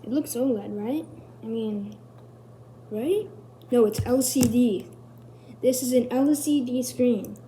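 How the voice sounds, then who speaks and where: A woman's voice: fairly high pitch, slow, long pauses, mellow, a little hiss or hum. A woman hosting a casual tech explainer video, rambling and correcting herself as she goes. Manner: rambling, self-correcting, chatty. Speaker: video host.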